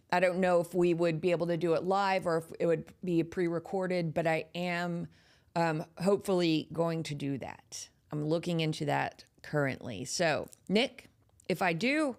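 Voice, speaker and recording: Gravelly Texan woman hosting a horror podcast. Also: fairly low pitch. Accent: Texas. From Texas. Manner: chatty and playful, teasing the audience. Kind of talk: casual live podcast chat.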